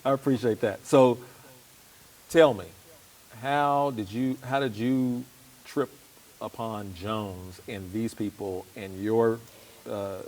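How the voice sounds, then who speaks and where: A man's voice: lowish voice, steady tone, takes it slowly, pauses often, a little mellow, poor audio. A man hosting a casual interview who jokes with his guests. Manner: joking, playful. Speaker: talk show host. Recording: faint hiss.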